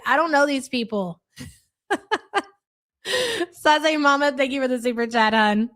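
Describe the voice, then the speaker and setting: A sarcastic woman in middle age hosts a live reaction stream and reads viewer messages aloud. Her voice sits a little high, and she teases and mocks as she reacts. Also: fairly even intonation, a little slow, pauses often, a bit bright. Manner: sarcastic and mocking. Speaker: reaction livestream host. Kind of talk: live reaction commentary, reading chat messages.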